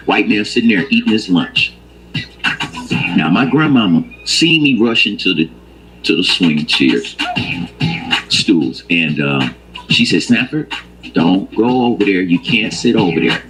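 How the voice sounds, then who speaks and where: Older man, profane, emphatic, very lively pitch, faint background music. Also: measured pace, long pauses, poor audio. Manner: profane, emphatic, rises to heated preaching. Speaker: storyteller. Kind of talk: casual storytelling rant.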